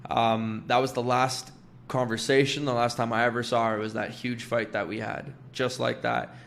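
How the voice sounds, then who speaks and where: A young man recounts a painful memory in a candid, blunt way, his speech full of swearing and "like". His pitch stays flat and even, with little rise or fall. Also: normal speed, creaky. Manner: blunt, swears often, fillers like "like". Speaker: vlogger telling a personal story. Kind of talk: candid personal storytelling.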